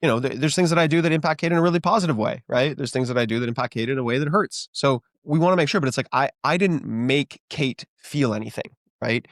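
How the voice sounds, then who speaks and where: Fast-talking man coaching couples. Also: mid-range voice, fairly bright tone, dry recording, studio quality. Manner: explains with frequent "right?" check-ins. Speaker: podcast co-host, marriage coach. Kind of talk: instructive casual podcast talk.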